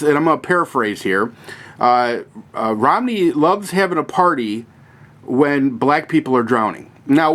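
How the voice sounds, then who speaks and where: A man hosting a political commentary video, sarcastic and rambling, with many fillers and restarts. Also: medium pitch. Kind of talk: casual spoken commentary.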